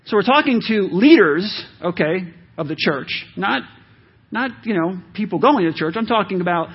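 A male pastor with a husky, high voice delivers a sermon in a church sanctuary. His preaching is conversational and emphatic, dotted with asides to the congregation, and the lo-fi recording sounds dull.

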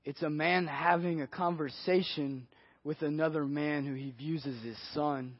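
A male pastor preaching a sermon earnestly, swinging between hushed and emphatic delivery. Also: fairly high pitch, fairly even intonation, normal speed, breathy edge, no room sound. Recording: dry, dull lo-fi audio.

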